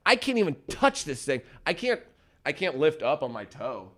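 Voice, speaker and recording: A young man co-hosting a morning talk show, telling stories with animated quoted voices in casual chat. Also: normal speed. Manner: animated storyteller, acts out quotes in loud high voices.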